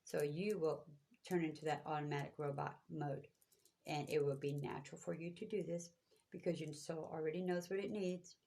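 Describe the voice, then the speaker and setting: A woman's voice: low-pitched, steady tone, normal speed, gravelly, warm tone. A woman giving spiritual guidance to viewers, talking in a preachy, repetitive, emphatic way. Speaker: spiritual reader.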